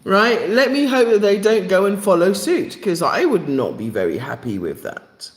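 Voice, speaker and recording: A woman's voice: mid-range voice, sing-song, moderate pace. A woman hosting a live stream to her viewers, talking emphatically and repeating phrases for effect. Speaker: channel host. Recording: echoey room.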